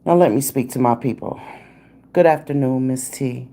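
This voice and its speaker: A woman's voice: very deep voice, moderate pace, mellow. A woman hosting a true crime livestream in a casual, blunt, slangy way, calling out critics and greeting viewers in the chat by name.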